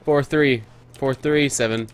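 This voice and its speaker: A man giving excitable let's play commentary, whooping, joking and swearing as he plays. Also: mid-range voice, measured pace, smooth. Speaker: gamer.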